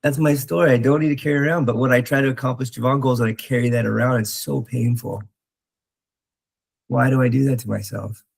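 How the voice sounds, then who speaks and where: A man talking earnestly in a reflective spiritual talk, halting with many restarts and fillers. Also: mid-range voice, fairly even intonation, creaky, breathy edge, poor audio. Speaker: podcast host.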